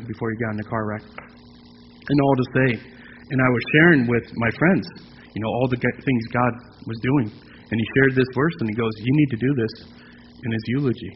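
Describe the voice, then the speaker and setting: A middle-aged man, a pastor, preaching a heartfelt, conversational sermon, with filler pauses. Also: mid-range voice, slight background noise. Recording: dull lo-fi sound in a reverberant hall.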